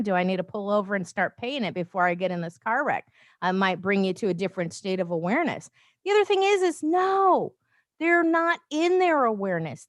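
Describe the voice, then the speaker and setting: A woman talks straight into her phone during a casual livestream, chatty and meandering, with lively asides and frequent laughs. Her voice sits in a middle range and the sound is dry and close, with no room echo. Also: medium pitch. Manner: chatty, rambling, laughs often, animated asides. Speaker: life coach livestream host. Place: home, with noise outside.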